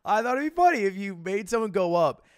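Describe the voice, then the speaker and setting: A man's voice: sits high, sing-song, quick pace, no room sound, clean studio sound. A man in his twenties giving casual, rambling reaction commentary, laughing and packing his talk with fillers. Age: 20s. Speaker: streamer reacting to a video.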